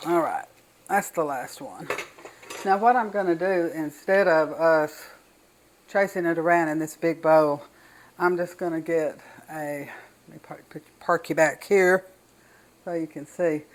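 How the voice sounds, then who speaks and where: A woman's voice: low voice, measured pace, long pauses, poor audio. An older woman with a Southern US accent, chatting folksily and enthusiastically while demonstrating home cooking in her kitchen.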